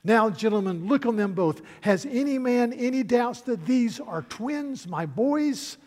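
A man voicing a hearty, joyful king and father who addresses his court loudly. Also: animated, unhurried. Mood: jubilant. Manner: loud and booming. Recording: echoey hall reverb.

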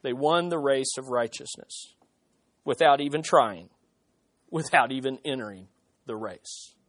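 A pastor preaches an expository sermon in a medium-pitched, fairly bright voice, a little slow. He is emphatic, using rhetorical questions and short laughs.

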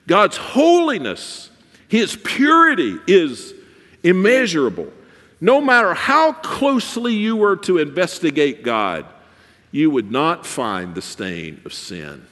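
Male pastor preaching, high voice, long church reverb. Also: huge pitch swings, slow. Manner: preaching with swings between soft and emphatic. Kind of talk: sermon.

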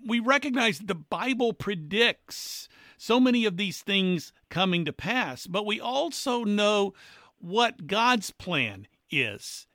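A man interviewing a guest, asking questions in a measured, wry manner. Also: sits high, very animated, sharp tone, no room sound, studio quality.

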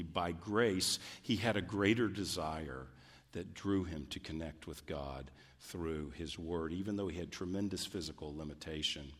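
A deep, slightly bright male voice preaches a sermon, reading scripture aloud with deliberate care. The pastor builds to fervent emphasis, his voice reverberating around the hall.

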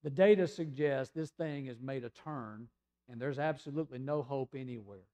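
Southern male pastor, middle-aged, mellow tone, chatty sermon delivery with sudden loud and soft turns. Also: mid-range voice, normal speed. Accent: Southern American. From Tennessee, USA.

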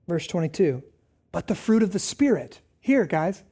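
Male pastor mid-sermon, mellow voice, casual and emphatic by turns. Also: very animated, moderate pace, husky. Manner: conversational preaching, swinging from raised emphatic lines to low asides.

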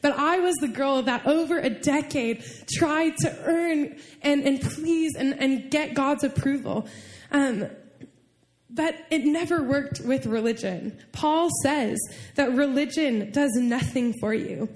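A young woman pastor giving a chatty, animated sermon to a church audience. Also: high voice, takes it slowly. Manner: animated, chatty, with fillers and laughs.

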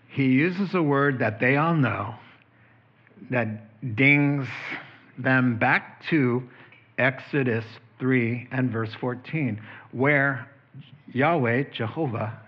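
A man preaching a sermon in a relaxed, conversational way, his voice sitting in an ordinary middle pitch. He grows animated as he makes his points. The recording sounds a little muffled and lo-fi. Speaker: pastor. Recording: slightly dull lo-fi recording.

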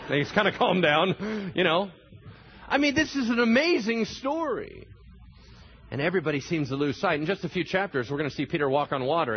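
A man preaching a sermon as a pastor, animated and acting out the voices of people in the story. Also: sits high, lo-fi sound, a little hiss or hum.

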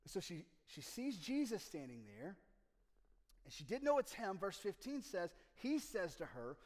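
A man delivers a sermon from the pulpit, his mid-range voice climbing to loud, passionate peaks and then dropping to near-whispers. A long reverb from the church space trails behind every phrase. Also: medium pitch, animated, moderate pace. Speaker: pastor. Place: church sanctuary. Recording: long reverb of a large room.

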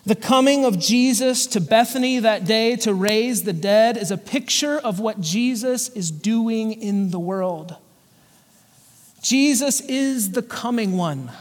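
A man with a high voice delivers an earnest sermon from the pulpit, slowing down when he reads scripture aloud. The church sanctuary gives a long, ringing reverb. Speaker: pastor.

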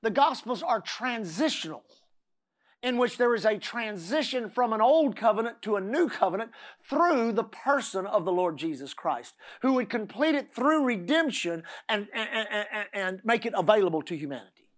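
A man's voice: sits high, expressive, moderate pace, a bit bright. A middle-aged man preaching a sermon, often repeating words and asking the congregation "Amen?".

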